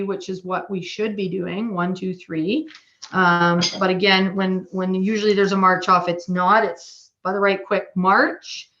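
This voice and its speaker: A woman with a Canadian accent teaching a drumming workshop online, chatty and casual, counting beats out loud. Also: medium pitch, dull audio.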